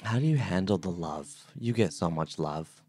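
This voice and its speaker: A man hosting a podcast interview, chatty and animated. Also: low voice, normal speed, breathy edge. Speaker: podcast host. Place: Brooklyn brownstone.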